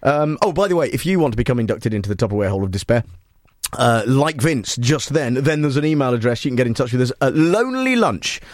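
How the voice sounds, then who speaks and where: A man's voice: medium pitch, big pitch swings, fast talker, no room sound, clean studio sound. A man hosting a comic radio show, playful and rambling, often restarting his sentences. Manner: playful, rambling, self-interrupting. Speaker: radio host.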